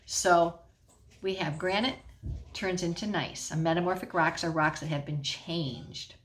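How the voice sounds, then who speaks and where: A woman's voice: lowish voice, steady tone, a little slow. A middle-aged woman teacher explaining a science lesson at home in a patient way, often checking in with the class.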